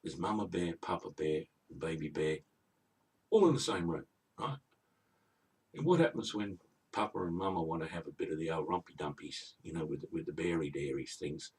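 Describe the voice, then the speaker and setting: Deep husky man grumbling. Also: expressive, normal speed, darkish tone, recorded from a distance. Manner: indignant, rambling, grumbling asides. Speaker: comic storyteller. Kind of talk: comic retelling of a fairy tale.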